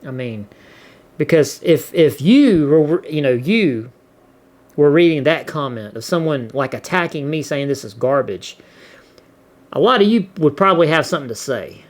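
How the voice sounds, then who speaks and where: A middle-aged man talks easygoing and loose, stumbling over words and doubling back as he reads viewer comments. His voice sits a little higher than most men's. The whole thing feels like an unscripted chat with his audience. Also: expressive, normal speed. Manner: laid-back, rambling, repeats words and restarts often. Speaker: channel host reading viewer comments. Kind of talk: casual chat.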